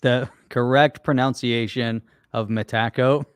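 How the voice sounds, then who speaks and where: A man's voice: medium pitch, steady tone, measured pace, clean tone, dry recording. Guy cohost on a live stream, laughs a lot, dry sound. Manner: laughs often, reads text aloud. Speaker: co-host. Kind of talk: casual livestream chat.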